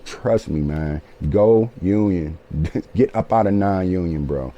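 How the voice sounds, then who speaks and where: Low, dark-voiced man telling a story. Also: slow, dull audio. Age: 40s. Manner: animated, profane, keeps asking "you feel me". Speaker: author telling his life story. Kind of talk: casual storytelling.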